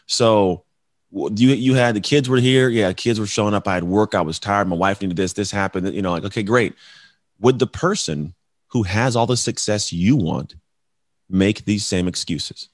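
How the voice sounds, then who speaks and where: Deep voiced coach guy, punchy motivational talk, says bro a lot, dry sound. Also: moderate pace, no room sound. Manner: emphatic, acts out client dialogues, calls people bro. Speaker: guest, coach and speaker.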